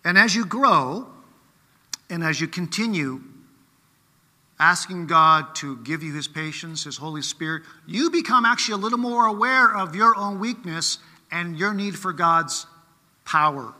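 Man, preacher, high voice, very bright and forceful tone, conversational sermon, long hall reverb. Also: lively intonation, measured pace. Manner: conversational, keeps checking in with rhetorical questions.

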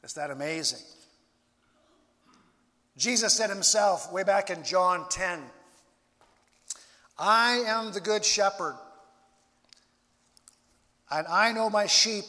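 A man preaching a sermon as a pastor, slow and deliberate with dramatic pauses. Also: high-pitched, bright, forceful tone, in a large hall.

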